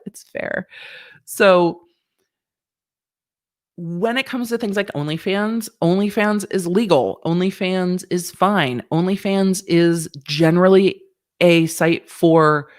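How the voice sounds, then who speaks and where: A woman, a former prosecutor, chatting casually on a livestream about legal news, blunt and quick to laugh, swearing now and then. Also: sits low, dry recording, clean studio sound. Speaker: legal commentator hosting a livestream; former district attorney. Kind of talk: casual livestream chat answering viewer questions.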